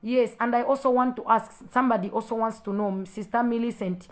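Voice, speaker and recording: A woman's voice: fairly high pitch, fairly even intonation, a little fast, poor audio. Confrontational Zambian woman preacher. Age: adult with school-age children. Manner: confrontational, preachy, repetitive challenges. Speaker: Christian preacher on a live video. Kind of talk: livestream address to viewers.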